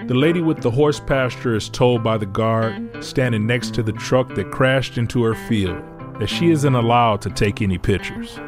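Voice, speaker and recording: A man narrating a podcast story in a measured, scripted way. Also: medium pitch. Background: guitar music.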